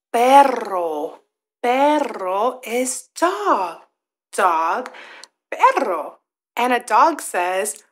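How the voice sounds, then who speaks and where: A young woman teaching toddlers, slowly sounding out letters and words in a bilingual lesson. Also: a little high. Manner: slow, sounds out letters, animated. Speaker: children's teacher.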